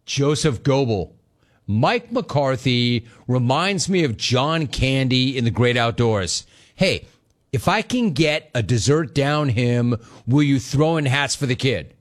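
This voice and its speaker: A man's voice: mid-range voice, expressive, takes it slowly. A middle-aged man hosting sports talk radio, needling listeners with sarcastic riffs and reading chat comments aloud. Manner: sarcastic, needling, laughing at callers.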